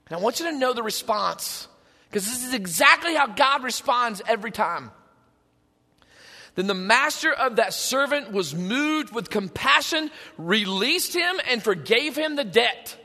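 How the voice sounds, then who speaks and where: A male pastor with a very high, bright voice delivers a sermon. He is emphatic and swings between loud and hushed, and a long hall reverb rings through the sanctuary. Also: lively intonation, normal speed.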